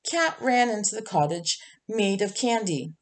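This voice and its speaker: A woman reading a children's picture book aloud, unhurried and gentle. She tells the story expressively, at a middling pitch. Her pace is slow and clear, made for young listeners. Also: animated. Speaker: storybook reader.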